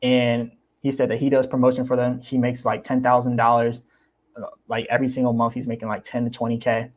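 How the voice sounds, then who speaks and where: A man's voice: mid-range voice, monotone, brisk, a little mellow. A young man chatting casually on his livestream about crypto. He talks animatedly, repeats himself and acts out the people he quotes. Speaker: crypto YouTuber.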